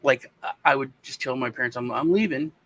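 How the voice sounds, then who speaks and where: A man's voice: medium pitch, a bit bright, poor audio. Rambling American man telling a story. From United States. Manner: rambling, halting storyteller with many restarts and fillers. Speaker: co-host telling a childhood story. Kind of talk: casual chat.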